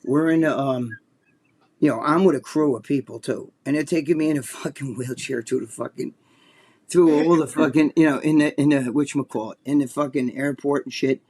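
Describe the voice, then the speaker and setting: A man with a New Jersey accent co-hosting a podcast, telling a long story in a rambling, profane, animated way. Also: medium pitch, fairly quick. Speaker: podcast co-host. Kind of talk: casual storytelling chat.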